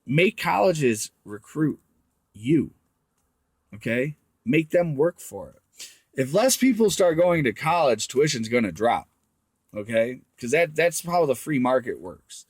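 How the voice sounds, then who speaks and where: A man's voice: medium pitch, very animated, measured pace, husky, no room sound. A man ranting crudely to young viewers, swearing constantly as he gives blunt advice. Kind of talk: profane rant to camera.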